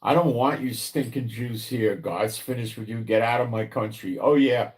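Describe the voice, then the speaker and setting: A man's voice: mid-range voice, moderate pace, lightly acted. A man quoting a scornful foreign ruler in a sneering, contemptuous tone.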